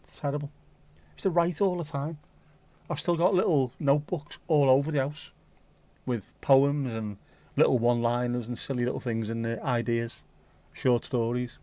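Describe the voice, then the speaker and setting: A man's voice: medium pitch, fairly even intonation, moderate pace, warm tone, dry recording. A man with a mild Scouse accent hosting a casual livestream chat, joking and rambling cheekily. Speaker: livestream host.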